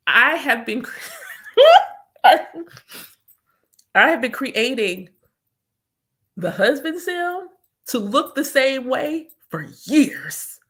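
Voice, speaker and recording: A spiritual reader chats live with her viewers, casual but emphatic, circling back to repeat her points. Her voice is mid-range with a fairly bright tone.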